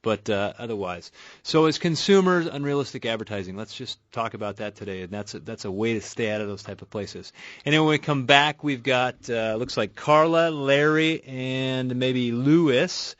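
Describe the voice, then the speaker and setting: A man's voice: medium pitch, normal speed, a bit bright, no room sound. A man hosting a car-repair radio call-in show, talking casually from a studio, with easy laughs and frequent restarts. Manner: conversational, repeats words and restarts, laughs easily. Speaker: radio show host and auto repair shop owner. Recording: muffled radio broadcast audio.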